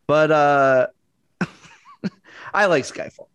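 A man hosting a podcast, his voice sitting slightly high. He is easygoing and quick to agree. The recording is dry and close. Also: a bit bright, clear, resonant tone, no room sound. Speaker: podcast host. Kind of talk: casual podcast chat.

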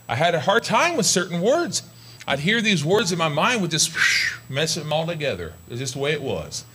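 Middle-aged male pastor, folksy storyteller in the pulpit, bright voice, wide and lively pitch. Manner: folksy storytelling, rising to excited high pitch. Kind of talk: sermon.

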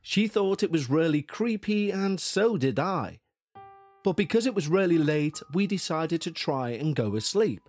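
A man narrating a listener's first-person horror story in a slow, measured storytelling manner. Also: on the high side, animated, darkish tone, no echo, faint music behind.

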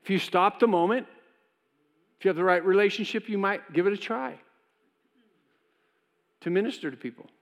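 A man with a high voice preaches in church at a moderate pace, pausing often, his words echoing through a large hall on dull-sounding audio. His sermon is conversational, and he slips into brief voices for God and Cain.

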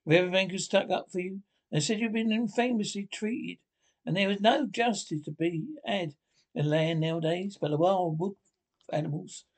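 A man voicing a sensible, earnest male water rat in a storybook reading, telling things slowly and emphatically. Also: sits high. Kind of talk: storybook character voice.

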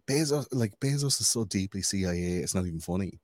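A man with a fairly low voice rambles through casual podcast chat. He swears freely and talks in an animated way, and the sound is dry and close. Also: fairly quick, no room sound.

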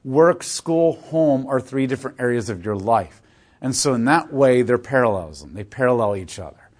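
A man's voice: medium pitch, lively intonation, moderate pace, a little mellow. Casual male teacher explaining poetry. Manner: casual, explanatory, uses many fillers like "like". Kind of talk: classroom lecture.

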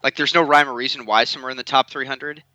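Male podcast co-host, teasing and sarcastic, bright edgy tone, dry close mic. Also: mid-range voice, fairly even intonation, fast, dry recording, highs cut off. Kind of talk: casual podcast banter.

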